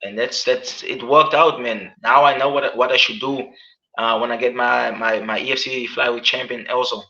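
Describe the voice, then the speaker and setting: A man's voice: mid-range voice, fairly even intonation, moderate pace, bright, forceful tone. A man being interviewed as an MMA fighter, talking earnestly and casually, repeating his words and often adding "man". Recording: dull, lo-fi sound.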